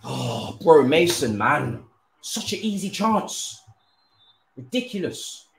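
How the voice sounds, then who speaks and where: A young man streams a football game live, talking slowly between bursts of shouting and swearing at the players. His voice sits at a middle pitch and bounces around an echoey room. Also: very animated, vocal fry. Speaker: gaming streamer. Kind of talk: live gameplay commentary.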